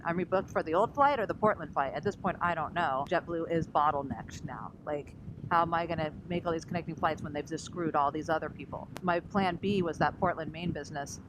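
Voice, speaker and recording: A woman with a fairly low voice tells an animated travel story in a casual vlog. She slips into other people's voices as she goes. Clear vehicle noise runs behind her. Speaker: vlogger. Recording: noisy recording with vehicle sounds.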